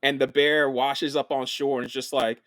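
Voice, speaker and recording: A man co-hosting a film podcast in casual chat, animated, laughing often and swearing freely. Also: mid-range voice, moderate pace, dry recording. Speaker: podcast co-host.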